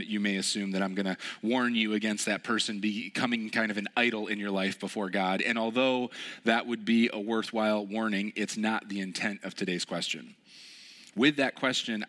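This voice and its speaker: A young man preaching a relaxed, conversational sermon, telling stories with lots of fillers. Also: on the low side. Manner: casual, storytelling, many fillers. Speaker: pastor.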